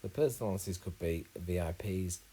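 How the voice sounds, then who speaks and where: A man explains crossword answers one clue at a time in a laid-back, thinking-aloud way, often pausing on an uh. His voice sits a touch low. The tone is warm and mellow. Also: slightly rough, low-quality recording. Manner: relaxed, thinking aloud with many uhs. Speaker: crossword solver. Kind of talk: casual crossword walkthrough.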